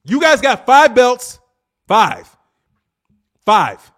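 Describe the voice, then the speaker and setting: A man hosting a casual livestream, talking fast and teasing his chat in a cocky, rambling way. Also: very high-pitched, very animated, a bit bright. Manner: fast, rambling, with restarts and laughs. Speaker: livestream host.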